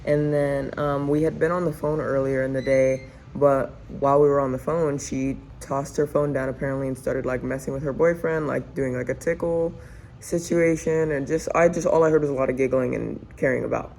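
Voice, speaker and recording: A young woman with a dark, gravelly, creaky voice tells a casual, rambling story full of fillers. She chats in her home kitchen as she cooks, and a faint room hum sits behind her. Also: a bass voice, steady tone, normal speed, poor audio. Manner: chatty, rambling, filler-heavy. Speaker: family vlogger. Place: home kitchen while cooking.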